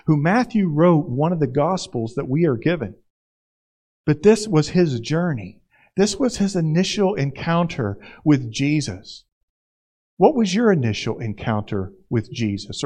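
Man pastor, high voice, conversational sermon that acts out the scenes. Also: darkish tone.

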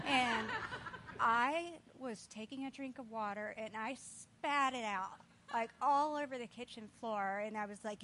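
A woman in a church congregation, telling an animated, laughing story as her testimony. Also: fairly high pitch, measured pace, background noise. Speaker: congregation member sharing testimony. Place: church sanctuary.

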